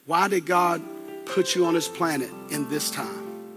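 A man's voice: fairly high pitch, a little slow, music in the background. A man preaching a sermon, retelling a story in a folksy, colloquial way with plenty of asides.

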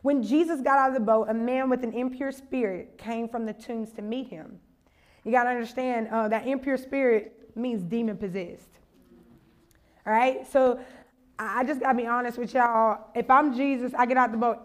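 A woman's voice: on the high side, steady tone, moderate pace. A young woman preaching a sermon at a conference, casual and funny at first, then building to a fervent call to her listeners. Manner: conversational, humorous, building to impassioned exhortation. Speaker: conference speaker.

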